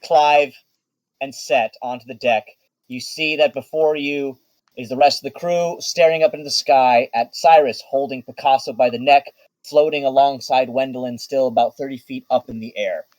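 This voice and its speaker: A man's voice: mid-range voice, fairly even intonation, normal speed, a little mellow. A man narrating a tabletop game as dungeon master in a laid-back, casual way.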